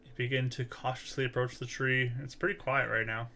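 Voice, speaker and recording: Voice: mid-range voice, level tone, brisk, sharp tone. A game master narrating a tabletop game in an easygoing, amused way, with loose, casual descriptions.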